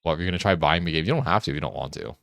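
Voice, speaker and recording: A man's voice: low-pitched, expressive, rapid-fire, gravelly, a bit bright, dry recording. A young man streaming a game, chatting casually and teasing a friend in joking banter, often restarting his sentences. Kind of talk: casual chat while gaming.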